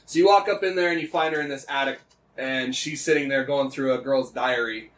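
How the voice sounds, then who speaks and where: A man's voice: medium pitch, a little fast, a bit bright, recorded from a distance, slight background noise, low-quality recording. A man co-hosting a podcast, retelling a game story in casual chat, rambling with lots of fillers and frequent swearing. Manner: rambling, swears often, many fillers and restarts. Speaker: podcast co-host.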